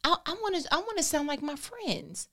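This is an exasperated, whiny boy, griping that his voice is dropping too early, as a woman puts him on. The complaint comes out pitched up and fretful rather than deep. It is an offhand bit inside a casual vlog monologue. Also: animated, fairly quick, fairly bright tone. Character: imagined famous deep-voiced man as a boy, whining about his deepening voice.

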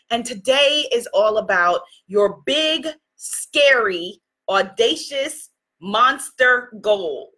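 Effusive bright-voiced woman hosting a livestream. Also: sits high, expressive, slow. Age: 40s. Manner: effusive, greets viewers by name, inspirational. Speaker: spiritual livestream host. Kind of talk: casual livestream talk. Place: makeshift home studio. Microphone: phone or computer camera.

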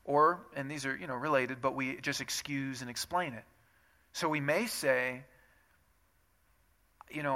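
Bright-voiced man preaching a lively sermon. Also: mid-range voice, a little slow, long pauses. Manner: animated, acts out quoted excuses in shifting tones. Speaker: pastor.

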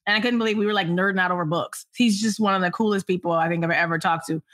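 A woman journalist in an interview, telling animated stories of meeting famous people, laughing and acting out what was said. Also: lowish voice, very fast. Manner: animated, laughing, acts out quotes. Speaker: entertainment journalist. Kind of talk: casual interview storytelling.

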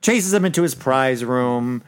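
A man's voice: mid-range voice, animated, a little slow, clean tone. A man hosting a casual movie review chat, rambling through scene recaps and laughing as he goes.

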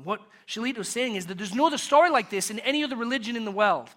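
A British man preaching a sermon to his congregation. He asks rhetorical questions and swings from loud to soft. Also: very high-pitched, animated, racing, few pauses. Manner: rhetorical questions, builds and drops in volume. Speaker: pastor.

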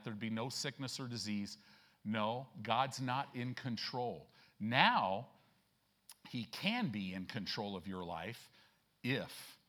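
A male pastor delivering a church sermon in a folksy, conversational way. He keeps checking in with his listeners and leans hard on key lines, slowing down and rising in pitch as he drives them home. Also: fairly bright tone. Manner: folksy, emphatic preaching with frequent "right?" checks; slows and rises in pitch and volume to stress scripture.

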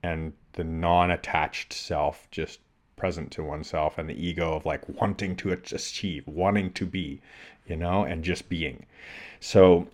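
A man's voice: sits low, steady tone, measured pace, darkish tone. A middle-aged man, a podcast co-host, telling a thoughtful personal story and acting out the voices in his head. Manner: thoughtful, acts out inner voices while telling stories. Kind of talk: reflective conversational storytelling.

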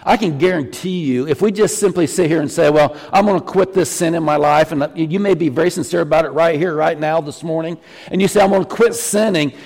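A middle-aged man preaching a sermon as pastor, animated and teasing the congregation. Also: on the high side, big-room sound. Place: church sanctuary.

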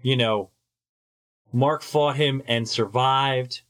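A man co-hosting a podcast in casual chat, calmly summing up story points. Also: medium pitch, slow. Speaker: podcast co-host.

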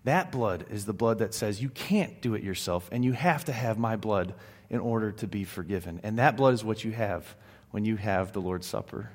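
A male pastor giving a sermon, moving between hushed, solemn passages and emphatic raised exclamations, with casual asides and restarts. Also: lowish voice, normal speed. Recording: long hall reverb.

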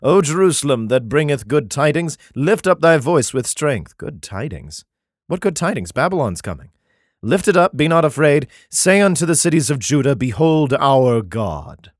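A congested man reading old bible verses slowly and solemnly, then breaking off with profane, sarcastic asides and clearing his throat. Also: mid-range voice, no echo, studio quality. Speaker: scripture reader and commentator. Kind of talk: bible reading with irreverent commentary.

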